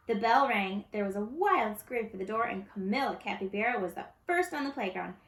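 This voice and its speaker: A woman's voice: medium pitch, gravelly. A woman expressively reading a children's picture book aloud, recorded in an echoey room. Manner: expressive, lively storybook reading. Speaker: storyteller.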